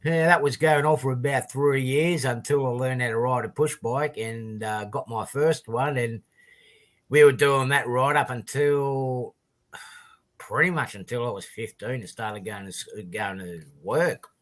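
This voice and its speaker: A man's voice: mid-range voice, measured pace, a bit bright. A middle-aged man with an Australian accent hosting a casual livestream, greeting viewers one by one in a rambling, friendly way with plenty of ums. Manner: rambling, chatty greetings to viewers with many fillers. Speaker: livestream host.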